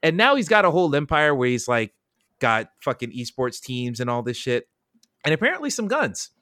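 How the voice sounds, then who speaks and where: Profane, excitable man in casual chat. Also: medium pitch, a little fast, dry recording, clean studio sound. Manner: loose, profane, excitable storytelling. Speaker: podcast co-host.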